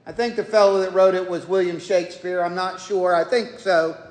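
A man's voice: high-pitched, fairly even intonation, fairly quick, darkish tone. A man preaching an expository sermon as a pastor, folksy and conversational with humorous asides. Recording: echoey hall with long reverb.

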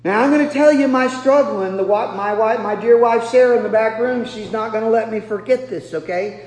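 High-voiced man preaching in an echoey hall. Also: a little fast. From Nebraska, USA. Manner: animated, self-deprecating storytelling with sudden loud bursts. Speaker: pastor. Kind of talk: sermon. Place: large church hall. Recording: echoey hall with long reverb.

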